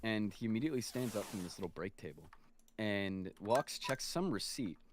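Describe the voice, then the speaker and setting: A man's voice: on the low side, expressive, moderate pace, a little hiss or hum. A man in his twenties, swearing freely as he tells an exasperated story in a casual chat while gaming. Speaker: streamer's guest.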